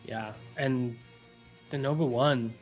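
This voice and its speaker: A man's voice: medium pitch, steady tone, takes it slowly. Young man, analytical esports color caster, earnest, faint music behind. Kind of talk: live esports commentary.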